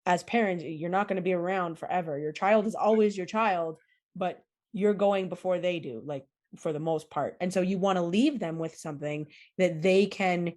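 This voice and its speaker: A woman's voice: on the low side, moderate pace, darkish tone. A woman hosting a podcast interview, affirming her guest and summing up points in a reflective way. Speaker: podcast host.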